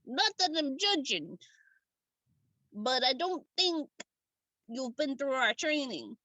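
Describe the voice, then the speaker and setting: A woman game master voicing a gruff, touchy working man who talks tough-guy slang with broken grammar, slow and suspicious. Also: high voice, big pitch swings, bright, forceful tone, dry recording, heavily acted, rough recording. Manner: suspicious, slow, drawn-out delivery. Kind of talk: tabletop role-play voice acting.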